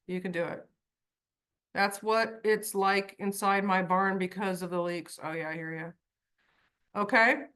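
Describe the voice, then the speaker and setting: A woman coaching horse owners on a video call, telling stories and acting out the voices in them. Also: mid-range voice. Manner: lively storyteller, acts out voices. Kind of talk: online group coaching call.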